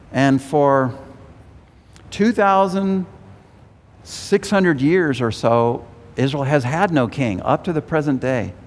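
A man preaching an expository sermon, animated and pausing, often repeating words as he thinks. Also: mid-range voice. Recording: long reverb of a large hall.

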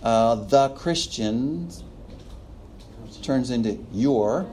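A man's voice: medium pitch, animated, drawn-out words, warm tone, slight background noise. A man teaching a preaching class in a classroom, chuckling often and acting out little quotes as he lectures. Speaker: preaching instructor.

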